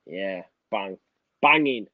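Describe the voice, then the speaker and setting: A man's voice: on the low side, lively intonation, slow pace, no echo. Young male co-host, easygoing and matey, muffled dry sound. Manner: laid-back and matey, laughs often. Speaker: co-host of a football fan channel. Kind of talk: casual chat.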